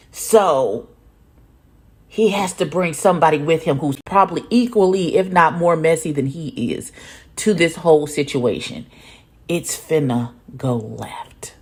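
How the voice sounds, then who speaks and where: Loud, profane woman reacting to a show. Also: on the low side. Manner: loud, profane, animated, talks back at the screen. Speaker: reaction video host. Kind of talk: casual reaction commentary.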